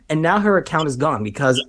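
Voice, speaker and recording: Casting: twenties male podcaster, animated storyteller, swears freely. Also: fairly high pitch, moderate pace, a little hiss or hum. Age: 20s. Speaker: podcast co-host, voice actor. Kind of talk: casual chat, storytelling.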